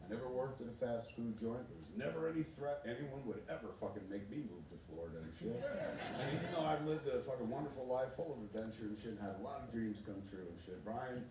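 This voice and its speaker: A man's voice: mid-range voice, animated, fast. A middle-aged man telling loose, profane stories to a live audience, laughing as he goes. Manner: loose, rambling, swears constantly, laughs often. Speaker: filmmaker speaking on stage. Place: large theater. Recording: echoey hall from far off with noise.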